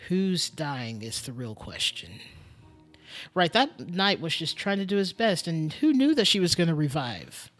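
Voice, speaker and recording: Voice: mid-range voice, sing-song, measured pace, a bit bright, faint music behind. A streamer thinking aloud during a casual live-stream game commentary, muttering and musing with lots of fillers.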